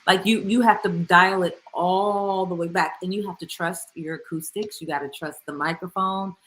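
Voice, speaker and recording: Woman vocal coach, casual livestream Q&A, bright tone, lively and slangy. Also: normal speed. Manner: chatty and animated, drops into slangy asides; voice jumps much higher in playful bursts. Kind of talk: casual livestream Q&A, reading viewer comments.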